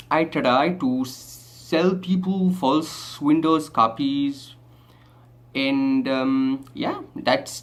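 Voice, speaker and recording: A man putting on a chatty Indian tech-support guy. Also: on the high side. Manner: chatty, rambling, rhetorical questions.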